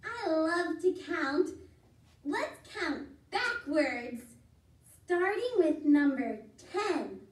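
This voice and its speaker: A woman's voice: sits high, lively intonation, extremely slow, pitched above the performer's own voice, exaggerated voice. A woman doing an eager little kid voice. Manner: bright, eager sing-song counting. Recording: echoey room, distant mic.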